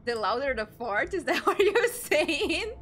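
A young woman commenting on her gameplay, excitable and quick to exclaim and burst out laughing. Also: sits high. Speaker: streamer playing a video game.

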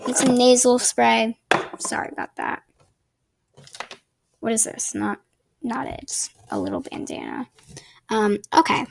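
Rambly woman talking game tips into her laptop mic, kinda high voice, keeps saying sorry. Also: wildly swooping pitch, unhurried, gravelly, pauses often, background noise. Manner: rambling, chatty, apologetic asides. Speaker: gaming channel host. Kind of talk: casual gameplay tutorial commentary. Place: home desk with ring light. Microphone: laptop built-in mic.

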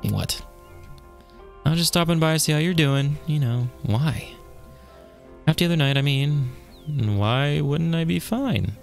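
A man voicing a sarcastic young adult cat woman in a game, flippant and defensive, with a gravelly edge. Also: fairly high pitch, animated, measured pace, soft background music.

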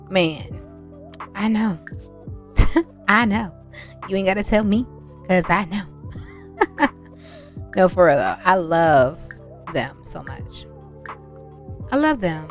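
A young woman hosts a casual game let's-play, speaking. She chats warmly with her viewers and often gets excited as she goes. Faint music plays softly behind her voice. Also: medium pitch, slow, pauses often. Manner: chatty, excitable, talks to viewers as y'all. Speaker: gaming channel host.

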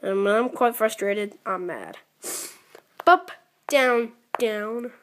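A young woman playing a mobile game, counting her moves out loud and grumbling as she loses. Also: mid-range voice, expressive, slow, slight background noise. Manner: counting moves aloud, mildly frustrated. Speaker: gaming channel creator. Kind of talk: casual gameplay commentary.

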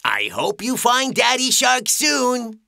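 Grumpy old cartoon shark, gravelly and slow, deep growly voice. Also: female voice, big pitch swings, sharp tone, heavily acted. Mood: kindly.

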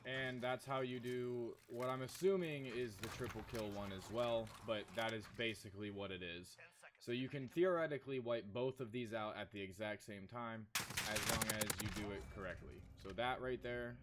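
A man talking casually over his gameplay in a flat monotone, sleepy and worn out from no sleep. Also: moderate pace, noisy background. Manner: low-key, flat monotone delivery. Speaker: gaming video creator.

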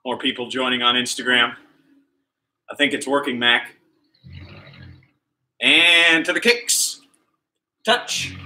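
A high-energy man coaches a kids' PE class live, his bright, sharp voice firing out moves and encouragement without a pause. He sits a little high for a man and sounds like he is moving along with the class. The sound bounces around an echoey room, picked up by a camera mic at some distance. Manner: energetic, upbeat, nonstop coaching patter calling out moves. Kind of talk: live-streamed exercise class.

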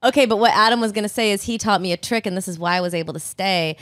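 A woman co-hosting a podcast, talking quickly and enthusiastically in casual chat. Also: mid-range voice, no echo. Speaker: podcast co-host.

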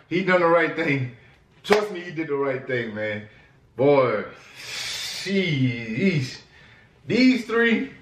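A man hosting a casual reaction vlog, excitedly hyping things up with lots of repetition and laughter. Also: a little high. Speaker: host reacting to music. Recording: echoey room, distant mic.

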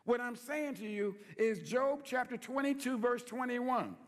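High-voiced preaching pastor in a reverberant church. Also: male voice, unhurried. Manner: folksy, playful preaching with call-and-response questions. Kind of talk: sermon.

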